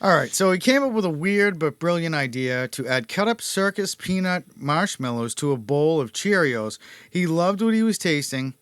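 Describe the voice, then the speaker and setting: A man's voice: on the high side, expressive, normal speed, a bit bright, smooth, no echo. A man hosting a casual podcast, reading notes aloud and laughing at his own jokes. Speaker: podcast host.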